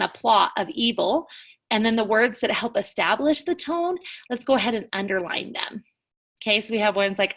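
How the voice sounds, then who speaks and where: Teacher lady going over notes for class, kinda high voice, leans on key words. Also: a bit bright. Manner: clear, stresses words while reading examples aloud. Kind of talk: recorded classroom lesson.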